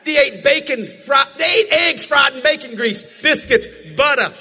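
An older man from the American South preaching a sermon, telling folksy family stories with frequent shouting and laughter. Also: very high voice, moderate pace, in a large hall.

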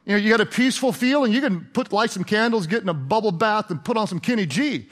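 A pastor with a high voice for a man delivers a sermon like a chat with his congregation. He fires questions at the crowd and slips into playful sarcasm. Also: lively intonation, fast talker, fairly bright tone.

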